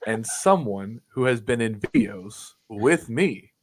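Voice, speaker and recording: A man's voice: mid-range voice, animated, slow, a little hiss or hum. A young man telling a long, profane, rambling wrestling story as a podcast guest. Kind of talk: casual chat.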